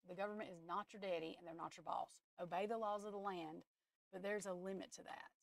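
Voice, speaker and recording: A woman with a drawl and a low, gravelly voice talks casually to her online viewers from home. She is outspoken and blunt and swears freely. The sound is close and dry, with no room echo. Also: steady tone, fairly quick. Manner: chatty and blunt, curses, talks straight to her chat. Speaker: tarot reader and livestream host. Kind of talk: casual livestream chat.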